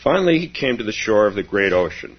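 Low-voiced zen teacher man, gentle, repeats himself, lots of ups and downs in his voice. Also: big pitch swings, quick pace, dull audio. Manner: gentle, repeats phrases, laughs softly. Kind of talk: dharma talk with storytelling.

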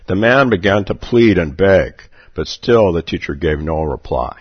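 A man's voice: sits low, animated, slow, slightly rough, dry recording. A man giving a dharma talk as a Zen meditation teacher at a retreat, playful, chuckling often and repeating his questions. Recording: dull lo-fi recording.

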